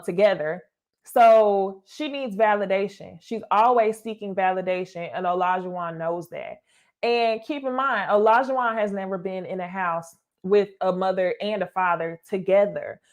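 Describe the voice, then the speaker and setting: A young adult woman, giving a blunt, casual recap commentary, swearing and calling her viewers y'all. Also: medium pitch. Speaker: reality TV commentator.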